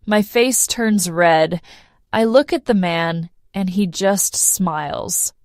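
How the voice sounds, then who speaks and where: A woman narrating a simple first-person story for English learners, clear and measured. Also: on the low side, no echo, clean studio sound. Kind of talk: slow read-aloud story for learners.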